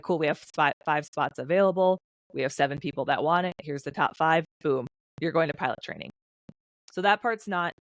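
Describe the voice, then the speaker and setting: A woman in her thirties, a former fighter pilot, chatting as a podcast guest in an animated storytelling way, acting out quotes. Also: sits low, no room sound. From United States. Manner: animated storyteller, quick bursts, acts out quotes. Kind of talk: casual interview conversation.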